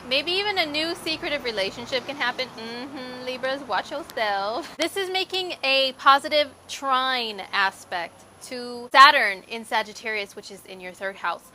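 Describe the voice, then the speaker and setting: Woman, astrologer, casual horoscope reading, chatty, candid, higher pitch, bright tone. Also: slight background noise.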